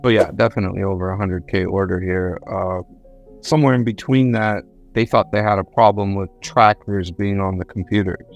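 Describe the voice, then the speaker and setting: Man, low voice, casual storyteller who trips over his words, faint music underneath. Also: creaky. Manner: rambling, self-correcting, repeats words. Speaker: guest, government contractor. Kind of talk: conversational storytelling.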